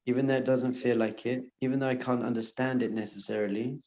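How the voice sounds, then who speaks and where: Earnest rabbi in an echoey room. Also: male voice, mid-range voice, steady tone, fast, highs cut off. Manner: earnest, repeats soothing phrases softly. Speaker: rabbi giving a class. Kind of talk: lecture to a live audience.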